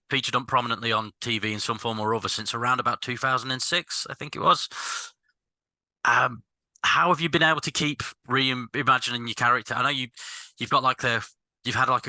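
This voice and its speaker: A man's voice: mid-range voice, pushed and bright, dry recording. A man interviewing a guest, nervous and stammering over his questions. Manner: nervous and stammering, admits being intimidated.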